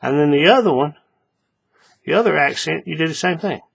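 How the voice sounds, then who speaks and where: His voice sits on the high side, gravelly and slightly rough, and he speaks fairly quickly. In a relaxed crafting walkthrough, he repeats each step and keeps making sure the viewer is with him.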